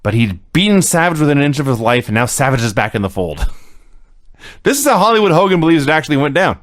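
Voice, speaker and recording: A man co-hosting a podcast, recapping with wry, deadpan jokes and frequent chuckles. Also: on the high side, fast talker, no room sound, clean studio sound. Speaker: podcast co-host recapping wrestling. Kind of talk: casual podcast chat.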